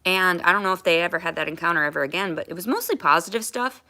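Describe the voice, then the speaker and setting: A woman's voice: on the low side, quick pace, sharp tone. A woman chatting on a livestream in a rambling, emotional way, with casual swearing.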